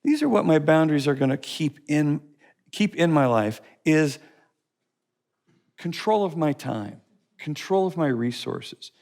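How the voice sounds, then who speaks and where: A man teaching a recorded class session, repeating phrases and telling lively stories. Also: a little high, measured pace, gravelly, long pauses. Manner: repeats phrases, lively storytelling with put-on voices. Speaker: curriculum teacher.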